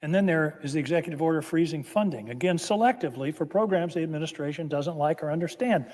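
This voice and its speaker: Impassioned senator in an echoing chamber. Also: male voice, on the high side, quick pace, hardly any pauses, a little mellow. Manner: impassioned, emphatic, builds with repeated phrases. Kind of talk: formal floor speech. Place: legislative chamber. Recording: long reverb of a large chamber.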